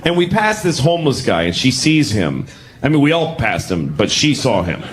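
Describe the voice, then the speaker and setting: A middle-aged man from New York doing a stand-up comedy set, telling stories with sudden high-pitched acted outbursts. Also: big pitch swings, normal speed, very noisy. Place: comedy stage before a laughing audience.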